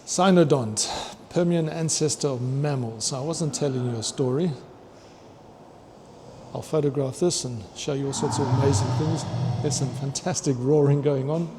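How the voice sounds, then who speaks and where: A man's voice: mid-range voice, normal speed, dark tone, a little hiss or hum. Enthusiastic man touring a museum. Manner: enthusiastic, chatty, stumbles over long names and laughs. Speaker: vlogger touring a fossil museum. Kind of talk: walking museum tour vlog. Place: indoor museum hall.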